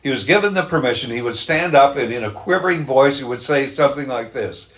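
A man preaching a sermon, telling illustrative stories in an earnest manner and slowing down on key phrases. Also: mid-range voice, lively intonation, fairly bright tone. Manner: earnest storytelling, slows down for emphasis.

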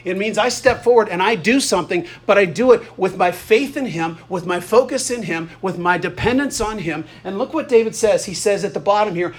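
A man's voice: high voice, fairly quick, few pauses. A male pastor giving a sermon, retelling stories in a conversational way with casual asides.

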